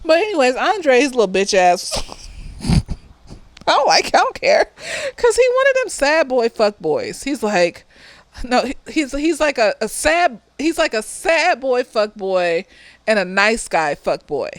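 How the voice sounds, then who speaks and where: A slightly tipsy woman therapist giving a blunt, profane and sassy casual review of a TV series, animated, with mocking asides. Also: a little high, a little slow, dry recording.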